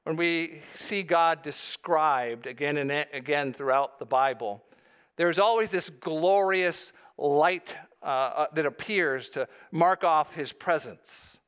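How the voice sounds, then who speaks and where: A man's voice: on the high side, slow pace, fairly bright tone, clear, resonant tone. A male pastor delivering a sermon, earnest, with rising emphasis on key phrases.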